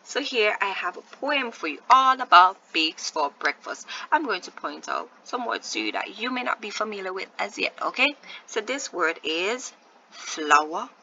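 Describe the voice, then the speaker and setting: Woman teacher sounding out letters slowly. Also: medium pitch, lively intonation, bright, forceful tone, dull audio, slight background noise. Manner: slow, sounding out letters and asking questions. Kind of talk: recorded online phonics lesson.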